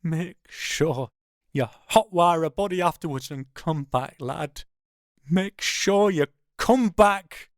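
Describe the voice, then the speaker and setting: A man voicing an emotional, gruff older man who swears fondly. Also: a little high, slow, no echo, studio quality. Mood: gruff, moved.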